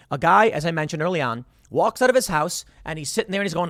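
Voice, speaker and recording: Animated, argumentative male commentator. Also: fairly high pitch, racing, hardly any pauses, dry recording, studio quality. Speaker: host. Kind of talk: political commentary.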